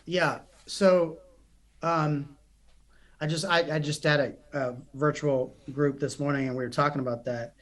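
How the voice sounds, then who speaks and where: A man's voice: on the high side, measured pace. A young man, a psychotherapist and coach, telling stories in a podcast interview with earnest energy and frequent restarts. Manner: animated, earnest, many restarts.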